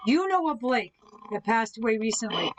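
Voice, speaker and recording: This live-stream paranormal session features a woman whose slightly high voice swings widely in pitch at a normal speed. She questions spirits via a spirit box, surrounded by devices, and responds to viewers' comments. The recording is rough.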